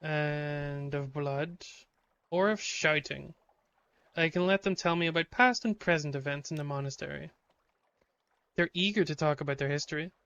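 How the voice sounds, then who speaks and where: Bright, clear-voiced man streaming a game. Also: on the high side, normal speed, dry recording, dull audio. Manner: reads game text aloud, swears when startled. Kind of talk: live game commentary.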